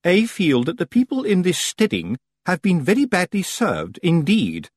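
A grand, gushing witch who drawls every word with lofty affectation, as a male narrator puts her on. The voice soars high and swoops dramatically, with a husky edge, recorded close and dry. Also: wildly swooping pitch, no room sound, exaggerated voice. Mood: pompous. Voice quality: falsetto, drawn-out and affected. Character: haughty pompous witch woman, gushing and grand.

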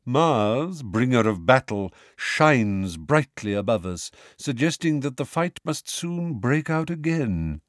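A man voicing a calm, aloof male centaur teacher in an audiobook, speaking slowly and measured. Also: mid-range voice, no echo, studio quality. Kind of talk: audiobook character voice.

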